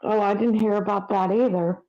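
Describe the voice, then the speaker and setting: A woman's voice: mid-range voice, fairly even intonation, moderate pace, mellow, dull audio. A woman in casual chat on a stream, giving brief, sympathetic replies.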